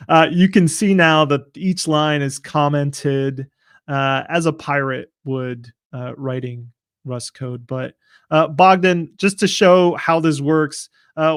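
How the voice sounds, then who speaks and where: Man demoing software, loose and chatty. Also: medium pitch, no room sound, clean studio sound. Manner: relaxed, loose explaining with frequent "uh" fillers. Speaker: software product demonstrator. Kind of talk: casual screen-share software demo.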